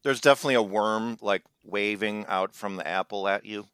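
A man with a very deep, smooth and resonant voice co-hosts a comedic chat. He rambles, filling pauses with ums and uhs. The sound is dry and close. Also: fairly bright tone, no room sound. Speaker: co-host.

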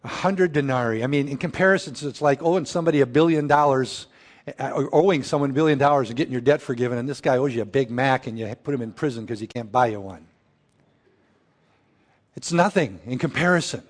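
A man preaching an earnest sermon, often dropping his voice low and slow for quoted prayers. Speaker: pastor.

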